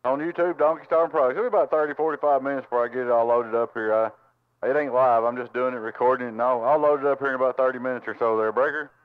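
A man's voice: medium pitch, steady tone, very fast. A Southern man from Tennessee, drawling friendly greetings and sign-offs as a CB radio operator. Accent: Southern American. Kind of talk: CB radio chatter. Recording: tinny radio audio with loud static.

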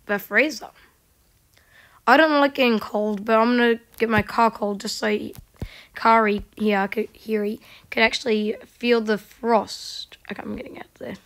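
A woman giving casual gameplay commentary, chatting to herself and mocking herself in quiet whispered asides. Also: on the high side, steady tone, normal speed. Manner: chatty, talks to herself while playing. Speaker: gaming video creator.

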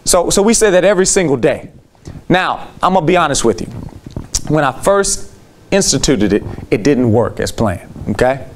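A man giving a lively talk to teachers, telling classroom stories and leading call and response. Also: fairly high pitch, moderate pace, a little hiss or hum. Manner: lively storytelling with call and response, acts out students. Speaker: teacher speaking to educators.

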